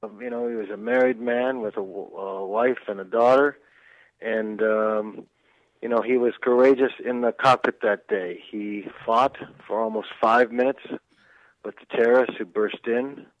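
A man's voice: medium pitch, no echo. Somber man on a tinny phone line. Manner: measured, somber, hesitant with "uh". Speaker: interviewee.

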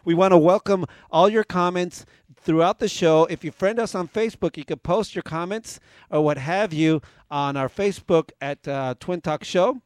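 A man co-hosting a casual podcast from a home garage studio, joking loosely and filling pauses with "uh". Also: high-pitched, no echo. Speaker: podcast co-host.

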